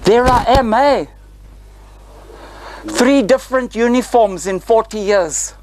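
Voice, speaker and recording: Man, 60s, South African accent, unhurried tour-guide talk, theatrical, airliner cabin. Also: very high-pitched, poor audio. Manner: lively, theatrical, tag questions like "eh?". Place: inside a parked airliner cabin.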